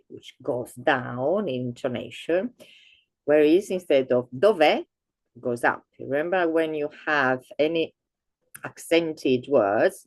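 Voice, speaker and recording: A woman with a bass voice teaches an online language lesson, explaining slowly with many fillers and restarts. She exaggerates her intonation for learners, and there's no echo.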